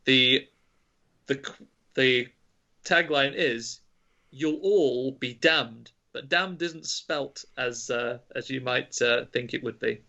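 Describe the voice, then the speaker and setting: A man running a casual podcast quiz, reading each clue out deliberately and dropping teasing hints. His voice is bright and forward. It comes through a dull, lo-fi call line. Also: mid-range voice, fairly even intonation, vocal fry. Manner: reads clues slowly, teasing hints. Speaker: quiz master. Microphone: video call.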